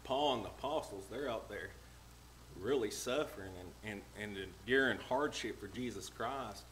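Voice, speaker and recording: A man preaching a plain-spoken, homespun sermon in a church, slowing down to read old-style scripture verses. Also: lowish voice, a bit bright, a little hiss or hum, poor audio. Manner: plain-spoken and homespun, reads King James verses slowly. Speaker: lay preacher. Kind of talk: folksy sermon with scripture reading. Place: church sanctuary.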